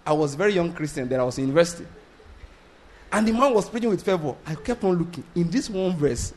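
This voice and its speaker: A man preaching a sermon, blunt and animated, often asking the congregation whether they get his point. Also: high voice, fast talker, a little hiss or hum. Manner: animated, blunt, asks the congregation rhetorical questions; laughs between points, restarts sentences.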